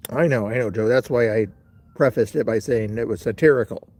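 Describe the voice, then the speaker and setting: Mellow-voiced man chatting with his stream. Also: mid-range voice, brisk. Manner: rambling, talks straight to his chat. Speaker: livestream host. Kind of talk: casual live chat.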